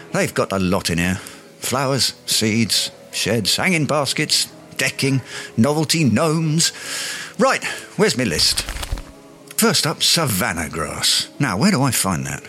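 A man's voice: mid-range voice, sing-song, unhurried, bright, forceful tone, soft background music. A man doing a pompous, grandiloquent Englishman. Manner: grandiloquent, long-winded, flowery words. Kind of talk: radio sitcom acting.

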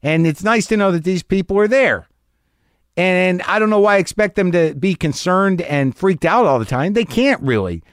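A man's voice: high voice, animated, moderate pace, no room sound, studio quality. A middle-aged man hosting a podcast, telling a long story in an anxious, self-mocking way. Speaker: podcast host. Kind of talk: monologue.

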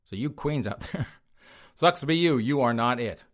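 A man's voice: medium pitch, expressive, normal speed, a bit bright. A man hosting a podcast, riffing on news stories in a crass, mocking, rambling way. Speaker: podcast host. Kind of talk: casual comedic news commentary.

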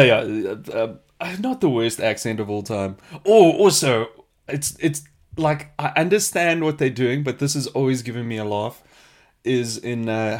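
A man hosting a casual question-and-answer podcast, chatty and animated, laughing often. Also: medium pitch. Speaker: podcast host.

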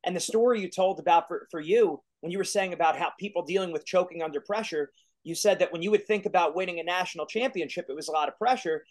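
A male podcast host with a notably high voice. He asks his guest thoughtful questions and agrees warmly with his answers. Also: fast talker. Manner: thoughtful, affirming interviewer. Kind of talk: interview questions.

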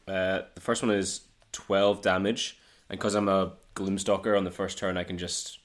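A man's voice: deep voice, flat delivery, measured pace, slight background noise. A man playing a tabletop role-playing game, talking hesitantly with many fillers. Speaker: player. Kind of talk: casual tabletop play.

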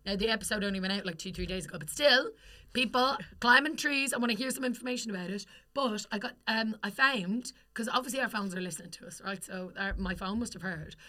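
A woman's voice: mid-range voice, pushed and bright. A young Irish woman co-hosting a podcast, telling stories in casual, sweary chat and laughing often. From Ireland. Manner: chatty, sweary storytelling, quick laughs. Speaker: podcast co-host.

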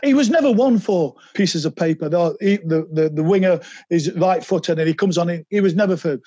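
A man, a podcast guest telling animated anecdotes and slipping into quoted voices. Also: high voice, a little fast, breathy edge, no room sound, highs cut off. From England. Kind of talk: anecdotal interview storytelling.

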